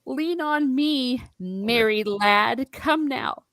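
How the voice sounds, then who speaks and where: A woman reading out a young male hobbit's lines, speaking gently and encouragingly, a little above her usual pitch. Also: extremely slow, heavily acted. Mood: coaxing.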